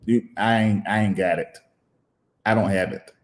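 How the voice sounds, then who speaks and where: A man who is a preacher and show host giving emotional live-stream commentary, emphatic and preachy, repeating phrases and pausing at length. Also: fairly low pitch, fairly even intonation, reverberant.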